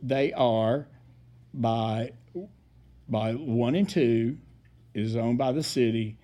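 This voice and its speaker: A man delivers a city council report in a mellow, warm voice at an everyday pitch. He rambles and halts, his sentences full of fillers. He reads through the items in a plain, practical way. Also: slow. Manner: rambling, hesitant, many fillers. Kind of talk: public meeting report.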